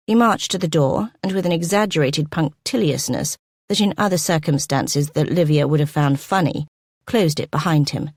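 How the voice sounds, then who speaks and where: A woman narrating a period romance audiobook, her voice fairly low and measured. The reading is expressive and recorded close and dry. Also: no echo. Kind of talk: scripted narration.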